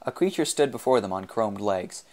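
A man narrating an audiobook in a measured, expressive reading. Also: on the low side. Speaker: audiobook reader.

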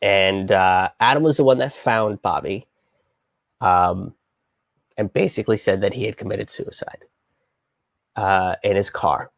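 Halting man telling a personal story. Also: on the low side, creaky, no room sound, clean studio sound. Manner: halting, with many restarts and swearing. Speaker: comedian telling a personal story on a live stream. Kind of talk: casual storytelling on a live stream.

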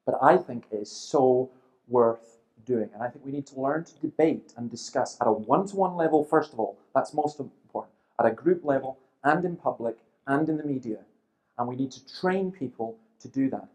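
A man in his fifties giving a seminar talk, telling lively stories with dry humour and acting out the people he quotes. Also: mid-range voice, moderate pace, poor audio. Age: 50s. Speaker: seminar speaker.

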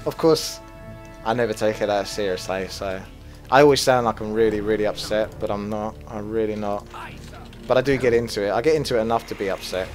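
A man commentating his own strategy game as he plays it, swearing freely and flaring into loud rage before calming down again. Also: fairly low pitch, a little fast, soft background music. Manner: swears a lot, flares into loud rage then calms. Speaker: gaming commentator. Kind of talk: gameplay commentary.

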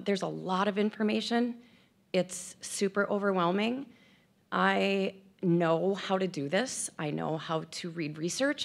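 A woman's voice: medium pitch, vocal fry. A woman in her fifties giving candid, self-deprecating personal remarks at an event, tearful and emotional at times. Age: 50s. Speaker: speaker at an event.

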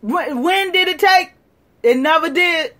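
A woman hosting a livestream, lecturing and challenging viewers in a combative way, moving from shouting to quiet muttering. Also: very high-pitched, measured pace. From United States. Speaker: livestream host. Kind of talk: live-stream rant to viewers.

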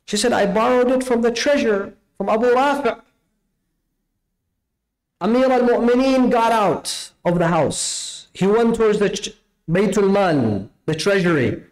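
A man's voice: sits high, expressive, measured pace, poor audio. A man preaching a Ramadan night sermon, impassioned and rhetorical, acting out the dialogue in his stories.

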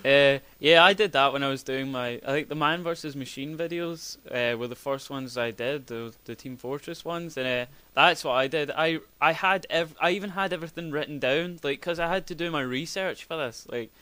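A man's voice: on the high side, normal speed, hardly any pauses, bright, forceful tone, clear, resonant tone. A young man as a podcast guest, talking casually in a rambling, hesitant way with many restarts. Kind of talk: casual chat.

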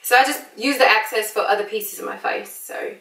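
A woman's voice: medium pitch, fairly quick, vocal fry, sharp tone. An American woman chatting playfully in a put-on British accent through a casual makeup tutorial. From United States. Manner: playful, chatty, laughs often. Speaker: beauty vlogger. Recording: echoey room, distant mic.

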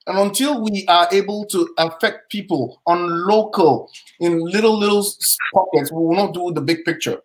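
A man with a Nigerian accent speaks on a live panel, his voice sitting a little higher than most men's. He talks emphatically and proudly, and he tells everyday stories in which he acts out both sides of the exchange. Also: moderate pace, slight background noise, rough recording. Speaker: panel guest.

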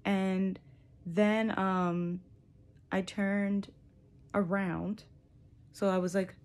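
A woman's voice: fairly low pitch, a little mellow. A young woman telling a personal spiritual story in a casual, reflective way, full of likes and you knows. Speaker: vlogger sharing a spiritual journey.

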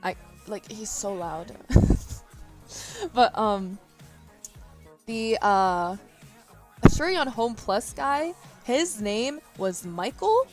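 A woman's voice: mid-range voice, expressive, very slow, pauses often, faint music behind. A young woman livestreamer chatting casually, telling stories with frequent laughter, fillers, and restarts. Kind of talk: casual chat storytelling.

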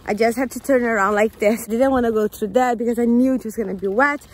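A woman's voice: fairly high pitch, fairly even intonation, quick pace. A woman chatting casually in an outdoor vlog while talking to her baby. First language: Portuguese. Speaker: vlogger. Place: outdoors at a park.

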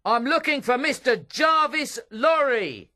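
A woman plays a horseback messenger in a storybook reading, calling out across the dark road. The voice is bright and lively, with a dry sound. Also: sits high, measured pace, no echo, voice pushed up, exaggerated voice. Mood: urgent. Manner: calling out loudly.

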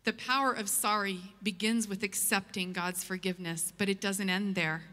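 A woman telling a story in a church sermon, lively and humorous as she tells it. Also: medium pitch, moderate pace, in a large hall. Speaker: church speaker. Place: church auditorium.

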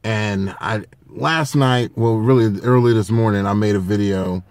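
A sleep-deprived man hosting a casual food review vlog from a parked car, talking into his phone, excitable and profane as he gushes over food. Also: fairly low pitch, a little slow, no room sound. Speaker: food-review vlogger, show host.

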